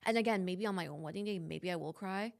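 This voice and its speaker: A young woman with a lowish voice co-hosts a casual podcast. She reflects on her own experiences in a loose, chatty way and fills her talk with "like". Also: fast, gravelly. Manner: reflective, heavy use of "like". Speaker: podcast co-host. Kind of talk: casual chat.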